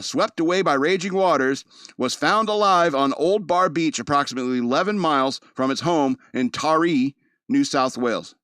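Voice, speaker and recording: A man's voice: mid-range voice, a bit bright, dry recording, clean studio sound. Man hosting a rambling news podcast. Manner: reads news articles aloud with joking asides; loose and rambling, with filler words. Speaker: podcast host. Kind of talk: casual news commentary podcast.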